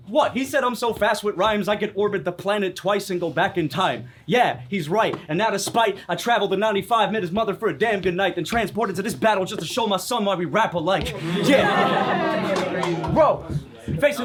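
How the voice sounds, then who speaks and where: A young man from South Florida raps a mocking battle verse at a live event. His voice is high for a man, and he slips into rapid-fire chopped flows. Clear background noise sits under the voice. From South Florida, United States. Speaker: battle rapper.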